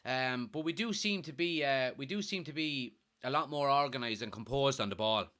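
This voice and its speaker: A young man hosting a live fan watchalong, giving excitable, partisan commentary and reading out chat. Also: mid-range voice, normal speed. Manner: excitable, partisan, swears when thrilled.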